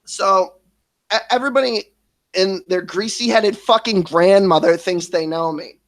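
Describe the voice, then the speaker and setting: Thirties man, streamer confessing his past, raw and halting, lots of swearing, voice a bit higher than most men. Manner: swearing, halting, restarts and trailing off. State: emotional, near tears at times. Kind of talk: emotional personal confession.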